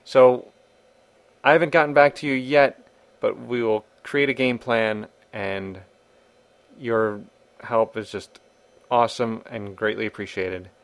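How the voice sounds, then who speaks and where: A man's voice: medium pitch, steady tone, unhurried, long pauses. A man hosting a podcast, speaking casually in a loose, offhand way and reading lines aloud. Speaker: podcast host.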